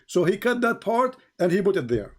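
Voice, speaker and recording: A man's voice: high-pitched, sing-song, brisk. A man hosting a heated live debate over a video call, combative and repetitive, with broken grammar. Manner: combative, repeats phrases, non-native grammar. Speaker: host.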